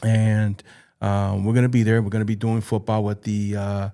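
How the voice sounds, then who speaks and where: A man's voice: lowish voice, flat delivery, moderate pace, dark tone. A man speaking as a podcast guest and youth football coach. He tells personal stories earnestly and emotionally, often stopping to repeat and restart his phrases.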